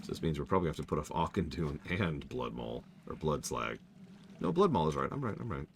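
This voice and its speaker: A man's voice: very deep voice, big pitch swings, a little fast, creaky, background noise. A man streaming a game, chatting casually and repeating himself while he multitasks. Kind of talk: live game stream commentary.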